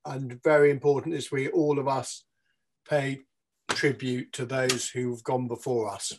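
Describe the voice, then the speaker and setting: A man's voice: medium pitch, flat delivery, unhurried, background noise. A man chatting on a video call in a jovial, mock-solemn way. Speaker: regular panelist. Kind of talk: casual chat over a video call.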